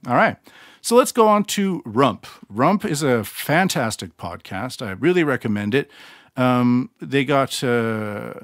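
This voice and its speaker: Speaking alone on his podcast, the Canadian host is expressive and a little slow, his mid-range voice wandering bluntly and poking fun at himself. The audio is clean studio sound without echo.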